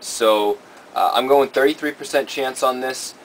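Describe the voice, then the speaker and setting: A man co-hosting a casual talk show, running a segment and calmly explaining his picks. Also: mid-range voice, a little slow, a little hiss or hum.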